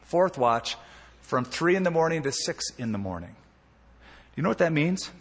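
A male pastor preaching a sermon in a church sanctuary, telling the story in an animated way with emphatic swings and quieter asides. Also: fairly high pitch, moderate pace, slightly rough. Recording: reverberant church hall.

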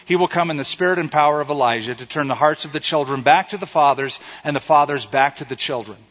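A preacher voicing an emphatic announcing angel. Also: male voice, on the high side, quick pace, a bit bright. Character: commanding male angel bringing news. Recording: echoey hall, slightly dull sound.

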